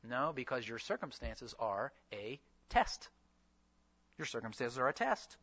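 A man's voice: medium pitch, sing-song, unhurried, bright, forceful tone, slightly rough, lo-fi sound. A man preaching a sermon, teaching with rhetorical questions and quoted scripture. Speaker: pastor and seminary teacher.

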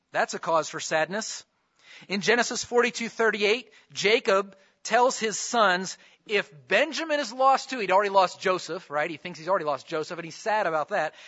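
High bright-voiced male preacher. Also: dull audio. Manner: conversational preaching with rhetorical questions. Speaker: pastor. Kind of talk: sermon.

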